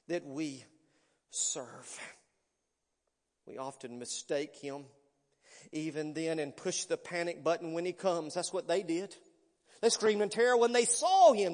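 Brief: high-pitched male pastor preaching dramatically, reverberant hall. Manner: emphatic preaching, dramatic swings from loud to hushed. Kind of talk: sermon.

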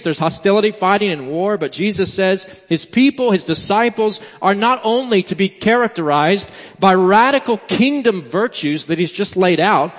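A male pastor delivering a sermon in an earnest, emphatic way, repeating key phrases and pausing for effect. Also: high voice, big-room sound, dull audio. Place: church sanctuary.

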